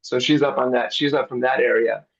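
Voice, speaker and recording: Gravelly middle-aged man on a video call. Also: mid-range voice, steady tone, a little fast, dull audio. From grew up abroad as a missionary kid. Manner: easygoing, chuckles often. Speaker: missionary director, guest. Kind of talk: casual interview over video call.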